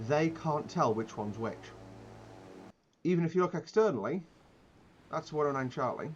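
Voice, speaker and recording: A man's voice: on the high side, lively intonation, moderate pace, lo-fi sound, slight background noise. A man giving casual gameplay commentary, explaining tactics in a rambling way with many fillers and restarts.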